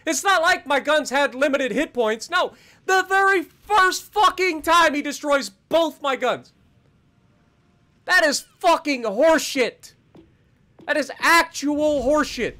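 Profane, bright-voiced ranting gamer man. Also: extremely high pitch. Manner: profane, exasperated ranting with sarcasm. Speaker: game streamer. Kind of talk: live gameplay commentary.

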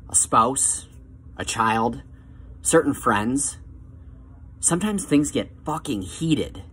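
A man giving calm, coaxing motivational advice straight to the viewer, slowing down on key phrases. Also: mid-range voice, slightly rough. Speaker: self-help vlogger.

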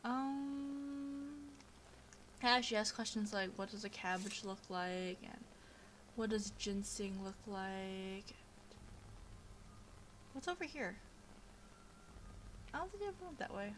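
A woman's voice: medium pitch, slow, pauses often, a bit bright, slight background noise. A young woman giving casual, chatty commentary over a video game playthrough, easily distracted and full of fillers, on a home computer microphone. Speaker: gameplay commentator.

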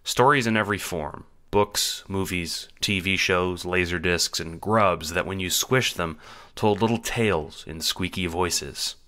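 Deep, bright-toned man narrating. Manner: measured storytelling reading. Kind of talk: scripted audio drama narration.

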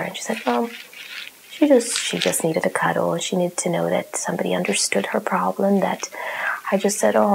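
A woman in her thirties, a mother, telling a parenting story in a casual, reflective way, often softening into a breathy half-whisper. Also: on the low side, slight background noise, poor audio. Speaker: parent sharing a parenting tip.

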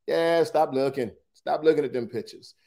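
A man's voice: fairly high pitch, moderate pace, vocal fry. A man leading a morning Bible study, reading scripture dramatically with colloquial asides. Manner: dramatic scripture reading, shifts loudness and pace widely.

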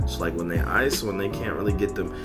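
A man's voice: low voice, quick pace, over music. A man giving casual gaming commentary, brash and profane, trading insults over voice chat. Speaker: gaming YouTuber.

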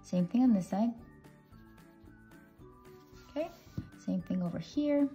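A woman's voice: mid-range voice, lively intonation, slow pace, warm tone. A woman leading a casual drawing tutorial, chatting playfully with children as she draws. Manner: chatty, playful, talks to kids while drawing. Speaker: drawing teacher. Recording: dull lo-fi audio with faint music.

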